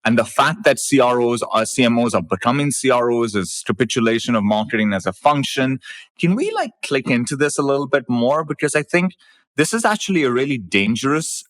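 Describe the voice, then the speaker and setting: Male podcast co-host, blunt and opinionated, conversational, mid-pitch voice. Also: sing-song, a little fast, a bit bright, no room sound.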